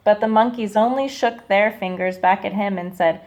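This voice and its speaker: A woman teacher reading a picture book aloud to children, slow and expressive, stopping to ask them questions. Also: medium pitch, dull audio.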